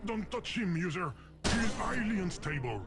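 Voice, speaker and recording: An actor voicing an anxious, exasperated talking video game with a foreign accent, pleading and excitable. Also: male voice, high voice, normal speed. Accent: foreign-accented English. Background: game music.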